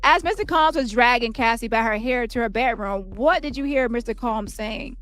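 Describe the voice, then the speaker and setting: A woman reading a brisk trial attorney. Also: a little high, a bit bright, no room sound, soft background music, voice pushed up, natural voice. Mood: probing. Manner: brisk, pointed questioning. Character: attorney questioning a witness at trial.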